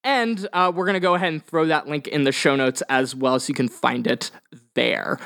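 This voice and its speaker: A fairly high-voiced man runs a tabletop game podcast as game master, talking in a chatty, upbeat, rambling way. A slight lisp from vampire teeth colors his words. The sound is dry and close. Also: fairly even intonation, normal speed, vocal fry, fairly bright tone, dry recording. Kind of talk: casual podcast chat and game hosting.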